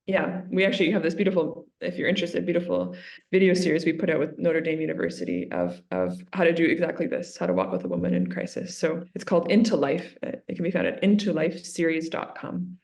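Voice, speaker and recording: Woman religious sister, earnest storyteller with a slight gravelly voice. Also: fairly low pitch, quick pace. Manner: earnest, repeats herself, retells quotes lively. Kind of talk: interview, storytelling.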